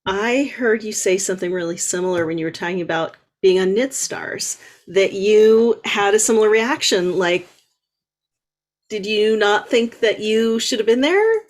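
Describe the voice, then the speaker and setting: Halting woman hosting a podcast. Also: medium pitch, expressive. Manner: halting, many restarts and fillers. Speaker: podcast host. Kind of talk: casual interview.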